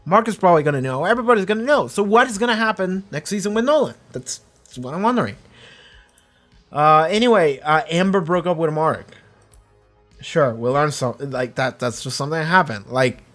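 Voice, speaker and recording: A young man casually recapping a show's episode, excitable, profane and rambling. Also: a little high, moderate pace, faint music behind. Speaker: show reviewer.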